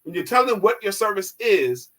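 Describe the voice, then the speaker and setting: A man coaching on sales as a guest on a live online show, teaching in an instructive, emphatic way and at times dropping his voice slow and low to demonstrate. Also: very animated, a bit bright, low-quality recording.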